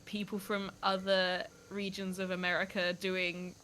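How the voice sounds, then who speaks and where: A woman's voice: medium pitch, completely flat delivery, unhurried, a bit bright, a little hiss or hum. A young woman with a southern English accent touched by Manchester, chatting casually and giggling often while co-hosting a game stream. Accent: southern English, with a slight Manchester influence. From south of England. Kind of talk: casual chat while gaming.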